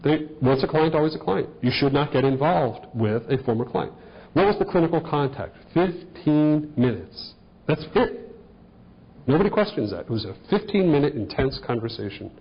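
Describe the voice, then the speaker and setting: A man with a somewhat high voice delivers a continuing-education lecture to a live audience. He talks in a conversational way and keeps turning questions back to the room. The recording sounds a little dull and muffled. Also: animated, moderate pace, breathy edge.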